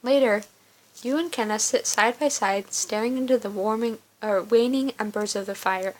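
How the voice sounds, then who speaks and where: A woman's voice: a little high, normal speed, rough recording. Woman casually reading game narration. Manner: plain, casual reading with slips. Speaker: player reading an interactive story.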